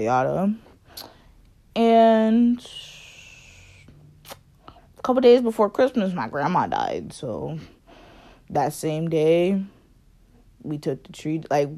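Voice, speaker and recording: A woman's voice: deep voice, darkish tone. A young woman casually telling a personal story, rambling with lots of fillers and laughing at herself.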